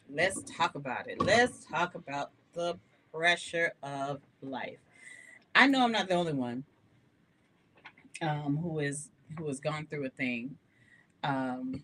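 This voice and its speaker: A woman hosting a live gospel radio show, talking to listeners in an animated, candid way and laughing often. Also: sits low, slight background noise. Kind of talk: live-streamed radio talk, testimony.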